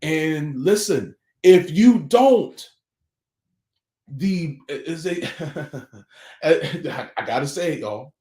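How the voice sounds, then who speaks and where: Earnest high-voiced man preaching to parents. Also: slow pace, roomy sound. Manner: earnest, preachy, repeated rhetorical questions. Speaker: family life speaker. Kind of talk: morning motivational talk.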